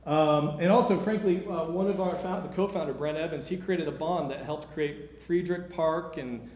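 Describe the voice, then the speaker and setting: A man's voice: a little high, moderate pace, a little mellow. A man giving an informal, encouraging talk at a conservation workshop, often breaking off and restarting his sentences. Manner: informal, self-interrupting, encouraging. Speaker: workshop speaker. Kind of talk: conference talk. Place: lecture room. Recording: echoey room with faint noise.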